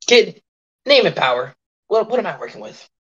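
A woman's voice: medium pitch, sing-song, normal speed, a bit bright, slightly rough. A woman voicing a harried, weary male interviewer at a hero agency, sighing and stammering through repeats. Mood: exasperated. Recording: dull lo-fi audio.

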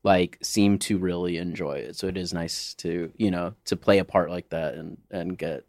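A man who writes and acts in comedy, a guest on a podcast, talking in a low-key, self-deprecating way. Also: fairly even intonation, normal speed, creaky, darkish tone, no room sound. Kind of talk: casual chat.

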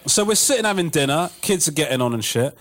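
Man, storyteller, cursing, higher-pitched side, lively anecdotes. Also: fast talker, noisy background. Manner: animated, swearing, laughing through stories. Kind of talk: casual storytelling chat.

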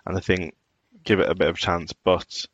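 Podcast co-host, light Birmingham accent, chatty and easygoing, lowish voice, dry sound. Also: male voice, little pitch movement, fairly quick, muffled recording. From Birmingham, England. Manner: chatty, laughs easily, restarts sentences. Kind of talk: casual chat.

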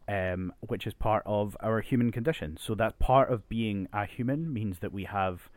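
A man co-hosting a casual chat podcast, chatty and self-correcting, dropping into a soft low voice as he muses. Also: normal speed, dry recording. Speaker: podcast co-host; teacher.

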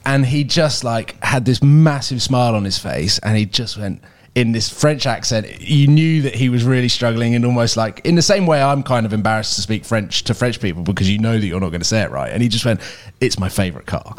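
Dude on a podcast, average voice, lots of ums and stops. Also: male voice, medium pitch, a little fast, few pauses. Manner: hesitant, full of ums and restarts. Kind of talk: casual car podcast chat.

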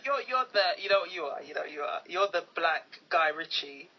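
A woman's voice: fairly low pitch, lively intonation, a little fast, slightly rough. A woman co-hosting a podcast in casual chat, teasing and laughing often. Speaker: podcast co-host. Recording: dull lo-fi podcast recording.

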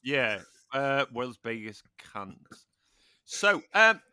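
A man hosting a podcast, teasing his guest with deadpan verdicts and plenty of ums. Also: mid-range voice, slow, clean tone. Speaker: podcast host. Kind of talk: casual comic interview.

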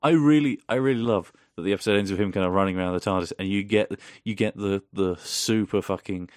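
A man's voice: fairly low pitch, fast, darkish tone, no room sound, clean studio sound. A man co-hosting a podcast, chatting casually and enthusiastically, swearing freely and acting out quoted lines. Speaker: podcast co-host. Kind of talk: casual fan chat.

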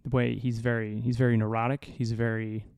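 A man hosting a podcast, spinning a casual story in a rambling, swear-laden, self-mocking way. His voice is mellow and smooth, caught close and dry on a studio mic. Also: mid-range voice, level tone, a little fast, dry recording. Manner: rambling, profane, self-deprecating, with many restarts. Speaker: podcast host. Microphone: studio mic through an audio interface.

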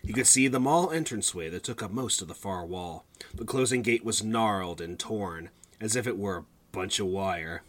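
A man's voice: on the low side, moderate pace. A man hosting a podcast, reading a story he wrote years ago and breaking off with laughing asides. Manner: laughs often, interrupts his own reading with asides. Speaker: podcast host reading his old story. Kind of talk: casual chat with read-aloud fiction.

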